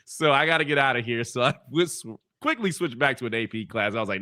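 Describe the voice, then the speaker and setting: A man's voice: medium pitch, animated, fast talker, sharp tone. A young man co-hosting a sports podcast, telling school stories in a laid-back way and laughing along. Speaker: co-host. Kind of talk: casual sports podcast chat.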